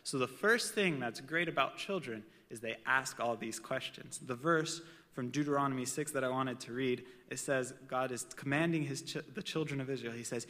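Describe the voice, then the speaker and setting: A man's voice: mid-range voice, normal speed, pushed and bright, big-room sound. A man preaching a casual sermon with personal stories, talking in a conversational way with chatty asides.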